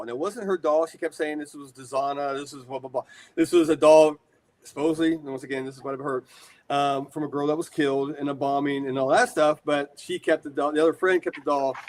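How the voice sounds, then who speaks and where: An American horror collector in his forties chats as a guest on an interview show, telling stories in an animated, meandering style full of fillers and asides. His voice sits a bit higher than most men's, suiting the casual storytelling format.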